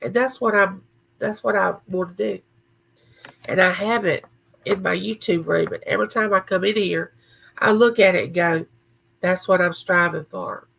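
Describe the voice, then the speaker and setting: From her home recording room, a livestream host reads viewer comments aloud and answers each person by name in a casual chat. Her medium-pitched voice is steady, gravelly, husky, and a bit bright at a normal speed, on a rough recording.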